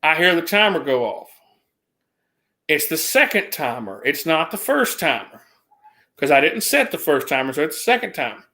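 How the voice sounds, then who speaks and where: A man's voice: fairly high pitch, sing-song, moderate pace, pushed and bright. A man casually telling a long rambling story, restarting sentences and raising his voice to mimic others.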